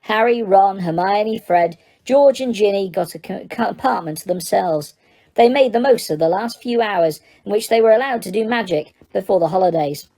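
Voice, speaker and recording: A woman narrating an audiobook in a steady, even storytelling manner. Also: medium pitch, normal speed. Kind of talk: scripted narration.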